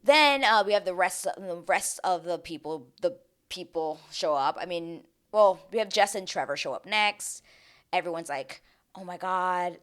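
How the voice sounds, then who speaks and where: A woman talking casually as a vlogger, recapping a reality show in an animated, sarcastic way with exaggerated outbursts. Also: fairly low pitch, clear, resonant tone.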